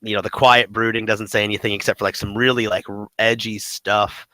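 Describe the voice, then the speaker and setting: A man co-hosting a casual gaming podcast, talking in a rambling, animated way with many fillers. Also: on the low side, brisk, dry recording, poor audio. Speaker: podcast co-host.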